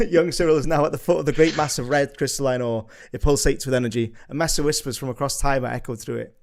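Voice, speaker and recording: A man's voice: mid-range voice, fairly even intonation, quick pace, creaky. A man narrating the scene headings and stage directions of a live script read in a matter-of-fact way.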